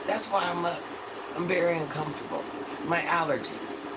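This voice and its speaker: A man's voice: fairly high pitch, steady tone, normal speed. A man live-streaming and reading viewer comments in casual chat, sassy, calling viewers baby and repeating himself, a little stuffy from allergies. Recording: loud background noise, air conditioner hum.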